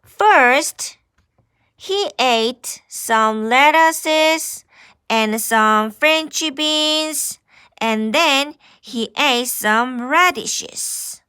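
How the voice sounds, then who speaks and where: A woman's voice: sits high, very slow, sharp tone, clear, resonant tone, no echo, clean studio sound. A woman with a Korean first language reading a picture book aloud to children as their English teacher, exclaiming and asking the listener questions.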